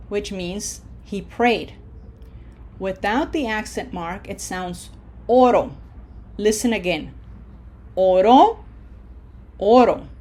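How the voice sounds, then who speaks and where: A woman teaching a recorded language lesson, modeling words clearly for repetition and checking in with frequent "okay?" prompts. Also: medium pitch. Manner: slow, deliberate, checks in with "okay?". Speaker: Spanish teacher.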